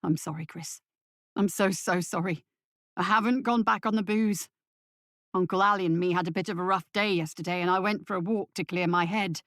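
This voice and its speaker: A woman voicing a guilt-ridden working-class father and former drinker, gruff and defensive. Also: sits high, steady tone, moderate pace, a bit bright, dry recording, studio quality. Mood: remorseful.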